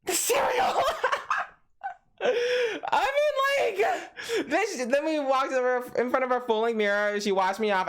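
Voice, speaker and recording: A young man vlogger telling a story in a casual, animated way, full of "like" fillers and laughter. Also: sits high. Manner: animated, swoops between laughing and mock-crying, heavy "like" filler.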